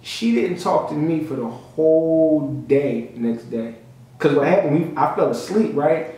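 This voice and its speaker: A man's voice: on the high side, animated, unhurried, warm tone. A man hosting a radio talk show, telling a story with slang and acting out other people's voices. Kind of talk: casual studio chat, storytelling. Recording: echoey room from far off, noisy.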